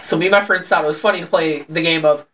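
Podcast co-host, male, bright edgy voice, rowdy anecdotes, mic a bit distant with faint hiss. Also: a little high, fast. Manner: profane, animated storyteller who laughs often. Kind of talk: casual chat.

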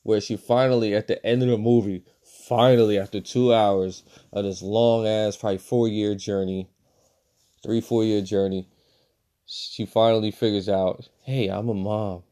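A man giving a casual, profane movie review, swinging between loud outbursts and low mutters. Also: fairly even intonation, moderate pace.

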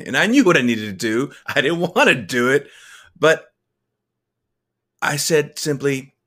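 A man's voice: medium pitch, expressive, a bit bright. Earnest man telling a faith testimony. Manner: earnest and halting, with frequent restarts. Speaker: speaker sharing a personal faith testimony. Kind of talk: personal testimony storytelling.

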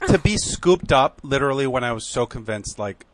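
A man telling a story on a podcast, acting out the quotes with lively shifts and growing emotional at moments. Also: medium pitch, normal speed, dry recording. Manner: animated, acts out quotes, emotional at times. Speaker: guest.

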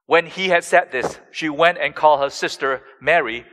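Male pastor, slightly high voice, slow and deliberate sermon delivery, big dramatic swells, long church-hall reverb. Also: fairly bright tone. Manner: slow, deliberate preaching with dramatic rises in pitch and volume.

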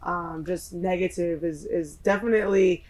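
A man hosting a casual podcast, earnest and halting as he circles back to his questions. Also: sits high, fairly even intonation, a little mellow, poor audio. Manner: earnest, hesitant, circling phrasing. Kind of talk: casual chat.

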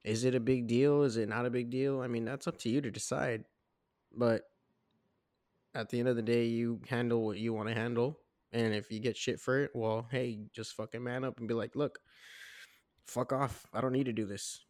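A man's voice: medium pitch, little pitch movement, brisk, a little mellow, no room sound, studio quality. A man co-hosting a casual podcast, talking bluntly and matter-of-factly with a no-nonsense, tough-minded manner. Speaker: podcast co-host. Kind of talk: casual chat.

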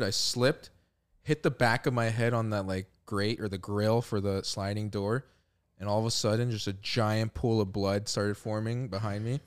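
A young man telling a long story in a casual podcast chat, relaxed, swearing and saying "like" often. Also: lowish voice, clear, resonant tone. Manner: laid-back, swearing, heavy use of "like". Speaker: podcast co-host.

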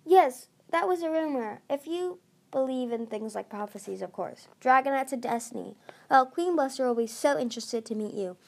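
A woman voicing a haughty, regal female sea dragon queen in a storybook reading, speaking slowly and condescendingly. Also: sits high, expressive, gravelly, exaggerated voice.

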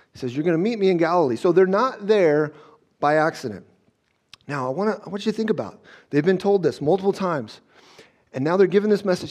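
A man's voice: high voice, darkish tone. A male pastor giving a conversational sermon, often checking in with "okay?" and acting out scenes as he goes. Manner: conversational, frequent "okay?" check-ins and restarts.

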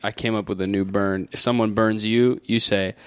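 A man's voice: steady tone, moderate pace, clear, resonant tone, dry recording. A young man co-hosting a podcast, bantering casually and joking between laughs. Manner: joking, laughs often, swoops into a high playful voice. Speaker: podcast co-host.

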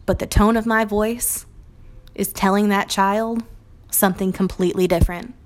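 Earnest woman teacher speaking reflectively. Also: mid-range voice. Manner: earnest and reflective, acts out quoted phrases. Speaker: Montessori teacher. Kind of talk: recorded talk on teaching.

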